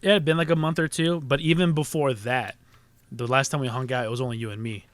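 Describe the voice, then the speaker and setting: A man's voice: mid-range voice, fairly even intonation, quick pace, dry recording. A man chatting casually with friends, joking and dropping references as he laughs along. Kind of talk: casual chat among friends.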